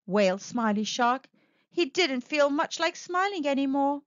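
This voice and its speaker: A woman reading a children's picture book aloud in a lively, sing-song storybook manner. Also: high-pitched, unhurried, no room sound, dull audio. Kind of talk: children's read-aloud narration.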